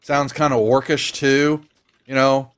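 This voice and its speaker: Rambling game master with a drawl. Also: male voice, mid-range voice, level tone, slow pace, clear, resonant tone. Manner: rambling, casual, many restarts. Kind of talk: narrating a tabletop game.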